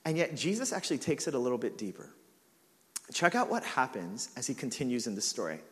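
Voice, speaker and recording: A man's voice: mid-range voice, sing-song, brisk, fairly bright tone, big-room sound. A man preaching a sermon as pastor, telling a funny personal story about himself with lots of casual fillers. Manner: storytelling with self-mocking humor and laughs.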